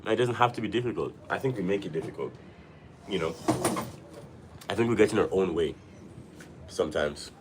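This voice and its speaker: A man with a notably low voice hosts a casual live stream, drifting loosely from thought to thought and repeating phrases. He is a little sick, and his voice sounds slightly off. A faint hum of background noise sits behind him. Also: a little fast, pauses often. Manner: loose, rambling, repeats himself.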